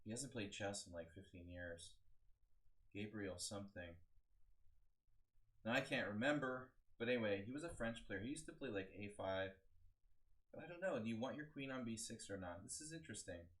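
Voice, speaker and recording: Man, low-ish voice, casual live-stream chess teacher who thinks out loud. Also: lively intonation, moderate pace. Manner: casual, rambling, thinking aloud with many fillers. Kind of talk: live-stream game analysis.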